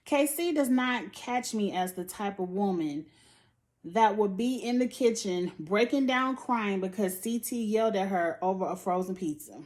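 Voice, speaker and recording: A reality TV reviewer recaps an episode casually and bluntly, full of sass, frequent cussing and lots of laughter. Her medium-pitched voice is expressive and slightly mellow, moving at a moderate pace. It sounds recorded on a phone or tablet.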